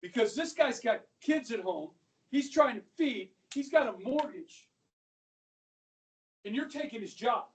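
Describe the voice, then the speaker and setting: A male high school history teacher giving an animated classroom lecture, talking straight to his students and dropping to a whisper for asides. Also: measured pace, pauses often. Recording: voice from a distance across a classroom.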